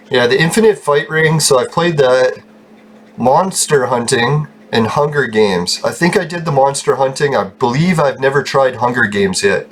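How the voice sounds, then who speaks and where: A man's voice: mid-range voice, a little hiss or hum. Man swearing and laughing over gameplay. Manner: laughs often, swears freely, rambling. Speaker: gaming channel host. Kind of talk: casual gameplay commentary.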